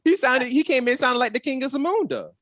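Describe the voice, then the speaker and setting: A podcast co-host in a casual review chat, animated, acting out characters' reactions and laughing often. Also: sits high, fast.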